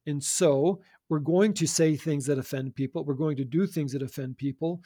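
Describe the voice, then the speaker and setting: An earnest man explains his views in a relaxed, conversational way. His voice sits a little high with a mellow, warm tone. It sounds close and dry, with no room around it. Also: normal speed, no echo. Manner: earnest, repeats words as he restarts. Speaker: guest. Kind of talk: conversational faith talk.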